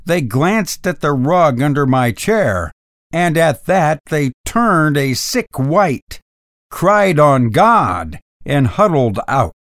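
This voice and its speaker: A man narrating a first-person ghost story in a dramatic, expressive reading. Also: fairly high pitch, slow pace, dry recording, studio quality.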